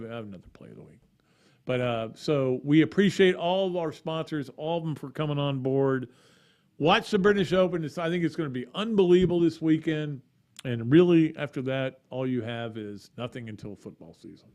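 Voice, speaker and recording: Middle-aged guy hosting a sports podcast, just rambling along, normal pitch, lots of asides. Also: a little mellow. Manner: chatty, rambling, with frequent restarts and asides. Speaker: podcast host. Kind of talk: casual sports podcast monologue.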